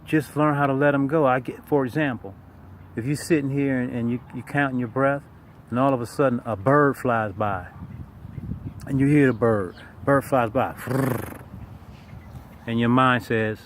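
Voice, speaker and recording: A man's voice: medium pitch, normal speed, a little hiss or hum. A man teaching a meditation practice in a casual, emphatic way, talking straight to the listener and repeating his key points. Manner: informal, repetitive, emphatic, talks straight to the listener. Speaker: tai chi and meditation teacher. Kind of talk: casual spoken lesson.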